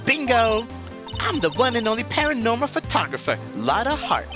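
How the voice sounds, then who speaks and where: A streamer voicing a feisty young woman photographer with a Southern accent, loud and excitable. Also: medium pitch, moderate pace, pitched above the performer's own voice, natural voice. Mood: brash. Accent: American Southern. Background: game music.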